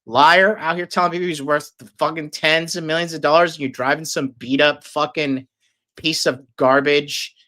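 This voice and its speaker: A man's voice: fairly high pitch, fairly even intonation, moderate pace, sharp tone. A man telling a long, casual story, rambling and swearing heavily with lots of fillers. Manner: profane, rambling, filler-heavy.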